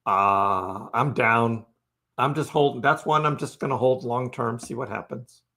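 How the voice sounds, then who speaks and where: This crypto streamer speaks in a mid-range voice, unhurried but pushed and bright. He keeps things loose and chatty, laughs a lot, and replies to people in chat by name.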